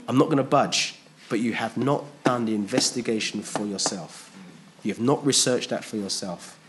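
A man preaching a sermon to a congregation, emphatic and fond of rhetorical questions, pushing his pitch up on key points.

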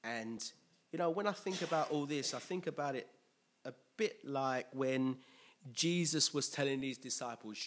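A man preaching a sermon with animated, emphatic delivery and call-and-response. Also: mid-range voice, normal speed, a little hiss or hum.

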